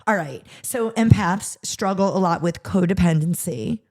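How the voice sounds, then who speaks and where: A woman's voice: lowish voice, animated, darkish tone. A woman hosting a podcast in casual chat. She laughs easily and steers the conversation. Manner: quick to laugh, steers the topic. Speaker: podcast host. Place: podcast studio.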